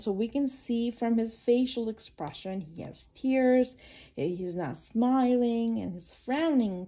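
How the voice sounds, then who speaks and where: For her channel, a woman reads a children's picture book aloud, pausing on each page to explain it in plain, simple words. Her voice is soft, mellow and on the high side, and she speaks slowly and unhurriedly.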